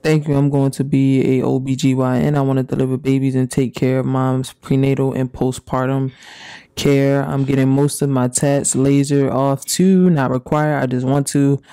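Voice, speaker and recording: A man doing casual, profane reaction commentary and reading messages aloud, with drawn-out reactions. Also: medium pitch, little pitch movement, mellow, clean tone, dry recording. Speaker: commentary YouTuber.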